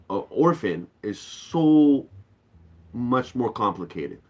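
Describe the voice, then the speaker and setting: A man's voice: fairly high pitch, breathy edge. A young adult man doing stand-up comedy, ranting with profanity and acting out quoted voices. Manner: animated, profane rants.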